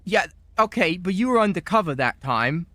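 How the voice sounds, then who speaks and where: A man with a bright, fairly high voice, in character as a defendant in a game role-play. He rambles through his testimony and bursts into shouts now and then. The sound is dry and close. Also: sing-song, moderate pace, no room sound. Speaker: role-player as defendant in court.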